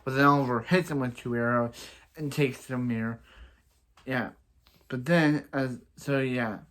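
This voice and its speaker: A man's voice: mid-range voice, steady tone, measured pace, fairly bright tone, a little hiss or hum. A young man talks through a TV episode in a loose, rambling recap, circling back over the same points. He breaks into playful sound effects and repeats phrases for emphasis, like a reviewer chatting straight to his viewers.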